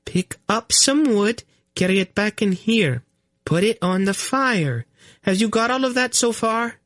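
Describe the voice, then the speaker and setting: Man voicing a high, bossy young pregnant queen. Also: expressive, no echo, studio quality. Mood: patiently bossy. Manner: impatient, speaks slowly and distinctly as if to a fool. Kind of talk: audiobook character voice.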